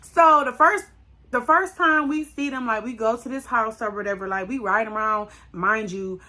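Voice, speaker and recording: A young woman casually telling a storytime tale, animated and laughing often. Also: a little high, normal speed.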